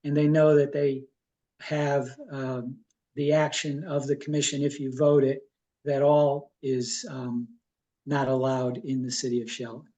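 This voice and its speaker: A man serving as the attorney at a city zoning meeting, explaining provisions and reading a motion slowly and carefully. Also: mid-range voice, flat delivery, warm tone, muffled recording. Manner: measured, reads legal text slowly. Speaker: town attorney. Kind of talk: public meeting discussion.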